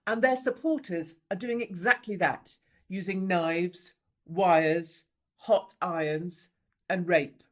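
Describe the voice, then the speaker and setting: A woman reporter giving grave, emphatic scripted documentary narration. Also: fairly low pitch. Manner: grave, emphatic, measured delivery.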